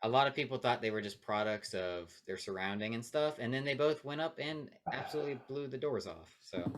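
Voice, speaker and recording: A man co-hosting a sports podcast in casual chat, opinionated and quick to get loud when riled. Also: mid-range voice, noisy background. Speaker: podcast co-host.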